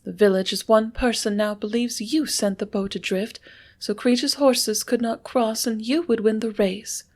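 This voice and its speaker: A woman's voice: on the high side, steady tone, voice pushed up. A woman voicing a tremulous young ranch girl. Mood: anxious. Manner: breathless, tremulous, halting. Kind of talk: audiobook character reading.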